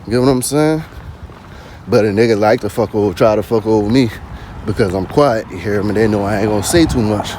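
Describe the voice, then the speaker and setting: A man's voice: lowish voice, brisk, darkish tone, slight background noise. A man vlogging in a casual spoken monologue, slangy and constantly asking "you hear me".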